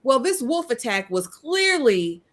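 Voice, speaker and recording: A woman's voice: high voice, big pitch swings, unhurried, fairly bright tone. Wry woman co-host chatting casually. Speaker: podcast co-host. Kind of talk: casual recap chat.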